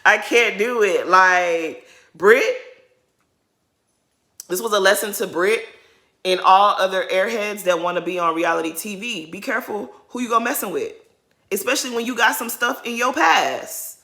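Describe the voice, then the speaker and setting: Lady vlogger ranting about a reality show episode, bright sharp voice, talks right at her viewers. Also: mid-range voice, normal speed. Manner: animated, opinionated, talks straight to the viewers. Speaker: reality TV recap YouTuber. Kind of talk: casual commentary vlog.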